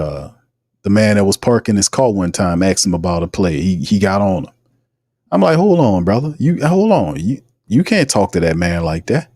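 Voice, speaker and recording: Male sports host, low-pitched, ranting, dry sound. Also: warm tone, dry recording. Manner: heated, ranting, repetitive. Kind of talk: casual livestream commentary.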